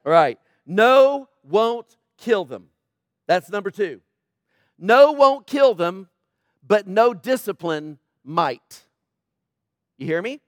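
A middle-aged man preaching with an unusually high voice, pressing each point home and asking the congregation to say it back. The sound is dry and close, with no room echo. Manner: emphatic, repeats key points and asks the audience to respond. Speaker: pastor. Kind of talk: sermon.

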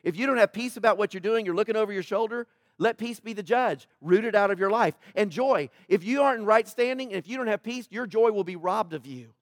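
A man preaching a sermon as pastor, talking in a casual way, swinging between loud exhortation and quiet emphasis, with jokes for the congregation. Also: high voice, fast, no room sound, clean studio sound. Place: church.

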